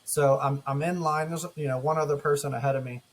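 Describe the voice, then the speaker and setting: A man with a slightly high-pitched voice tells a story on a podcast in casual chat. He acts out both sides of every exchange with plenty of energy. A faint hiss sits under the recording. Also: steady tone, fast. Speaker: podcast co-host.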